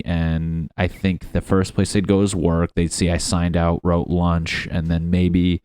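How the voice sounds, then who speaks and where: A man's voice: low-pitched, flat delivery, normal speed, few pauses, darkish tone, smooth, dry recording, studio quality. A young man hosting a solo comedy podcast from home, rambling in a profane, self-deprecating way. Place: at home in his apartment.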